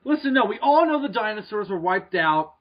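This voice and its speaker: A man co-hosting a podcast, riffing loosely with excitable, loud outbursts and swearing. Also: sits high, a little fast. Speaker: podcast co-host. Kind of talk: casual riffing commentary. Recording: muffled lo-fi recording.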